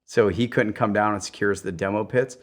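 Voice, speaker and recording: Animated man telling war stories. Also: fairly low pitch, a little fast. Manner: animated storyteller who acts out quotes in raised voices; swears freely, laughs through stories. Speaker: podcast guest, special ops veteran. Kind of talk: casual storytelling.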